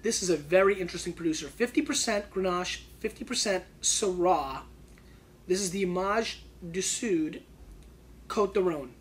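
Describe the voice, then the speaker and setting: A man hosting a wine tasting show reviews bottles loud and slangy, his excitement flipping between hushed asides and shouted bursts. His high voice moves at a normal speed, with slight background noise behind it.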